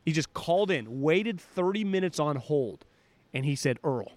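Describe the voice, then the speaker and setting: A man's voice: on the high side, normal speed, dry recording. A man co-hosting a sports podcast, telling anecdotes in casual chat and acting out what people said. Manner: animated storyteller, acts out quotes. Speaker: podcast co-host.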